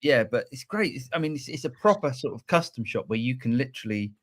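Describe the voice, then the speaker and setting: A man's voice: mid-range voice, expressive, quick pace, fairly bright tone. A man co-hosting a live show, talking in a rambling way with many restarts. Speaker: co-host. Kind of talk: casual live show chat.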